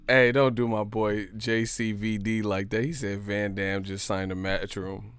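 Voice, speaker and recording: A man hosting a live stream, giving loud, profane, slangy boxing banter full of laughs and mock impressions. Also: lowish voice, little pitch movement, takes it slowly, clean tone, no room sound. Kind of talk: casual boxing commentary with comic impressions.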